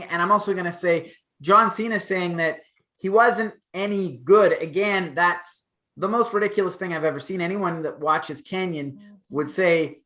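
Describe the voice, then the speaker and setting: A man in his thirties with a bright, forward voice, co-hosting a casual talk show. He talks in long rambling stretches, hedging and restarting his sentences as he works through a point. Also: fairly high pitch. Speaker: podcast co-host.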